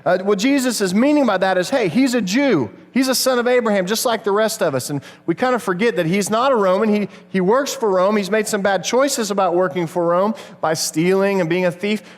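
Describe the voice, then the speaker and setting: High-voiced man preaching in a reverberant church. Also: a little fast, few pauses. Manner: conversational, storytelling, addresses kids. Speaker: pastor. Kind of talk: sermon. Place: church sanctuary. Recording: long reverb of a church hall.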